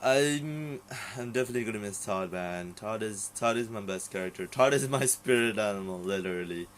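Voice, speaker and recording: Talking fairly quickly in a lowish voice, a young man reviews a TV series for his vlog in an off-the-cuff rant. He swears, rambles, restarts, and fills gaps often, over a low-quality recording with slight background noise.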